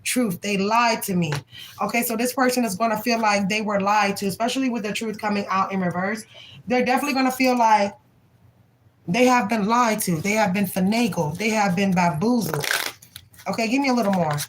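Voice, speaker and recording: A woman's voice: mid-range voice, fairly quick, slight background noise, rough recording. A young woman giving a live tarot reading, reading card names aloud in a blunt, profane, chatty way. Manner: laughs often and voices the people in the cards. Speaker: tarot reader.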